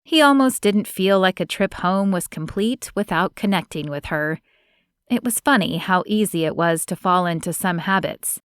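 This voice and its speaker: Low-voiced woman narrating an audiobook. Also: lively intonation, moderate pace, clean tone, dry recording, studio quality. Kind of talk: scripted narration.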